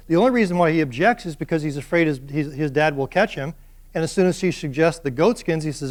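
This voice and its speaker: A male university lecturer giving a classroom lecture in an animated way, putting questions to his students. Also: fairly high pitch, fast talker.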